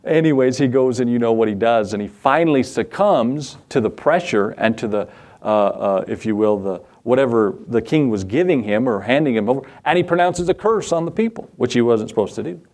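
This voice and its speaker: A man's voice: medium pitch, animated, a little fast, a little mellow. A middle-aged man preaching a sermon in a folksy way, asking the congregation questions and acting out the voices he quotes. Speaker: pastor.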